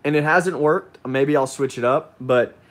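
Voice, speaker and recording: A man's voice: mid-range voice, unhurried. A man hosting a casual livestream, reading viewer comments and rambling with frequent ums and restarts. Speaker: livestream host.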